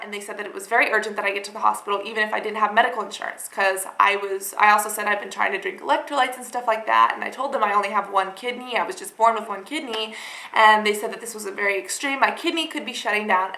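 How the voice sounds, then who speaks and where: A woman's voice: mid-range voice, sharp tone, reverberant, low-quality recording. A young woman vlogger rambling through a dramatic storytime retelling, full of fillers. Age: young adult. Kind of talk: storytime vlog.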